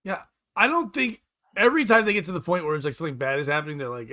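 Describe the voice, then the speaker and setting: A man's voice: a little high, lively intonation, fast talker, sharp tone. A man hosting a comedy podcast, trading crude jokes in casual banter and laughing often. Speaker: podcast host.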